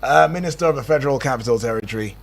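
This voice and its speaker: A man with a Nigerian accent hosting a radio show, animated and exclaiming, often repeating himself. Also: mid-range voice, racing, vocal fry. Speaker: radio host. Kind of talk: casual radio chat.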